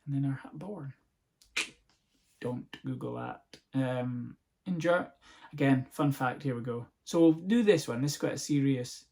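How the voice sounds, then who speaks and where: A man talks through a casual comic podcast monologue, rambling from one tangent to the next with a sarcastic edge. His voice has a gravelly texture at a middle pitch. He swears freely and keeps a loose, joking tone. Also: measured pace, warm tone. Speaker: podcast host.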